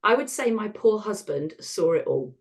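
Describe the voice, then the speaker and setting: A woman, a podcast guest talking frankly about hard times, laughing at the dark parts. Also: mid-range voice, very animated, normal speed. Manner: frank and self-deprecating, laughs at dark moments. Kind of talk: candid conversational storytelling.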